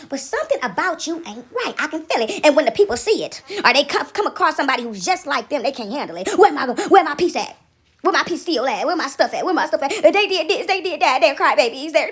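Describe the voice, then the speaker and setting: A woman's voice: high voice, fairly bright tone. A woman talking straight to her audience in a casual spiritual monologue, preachy and slangy, often breaking into laughter. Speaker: vlogger.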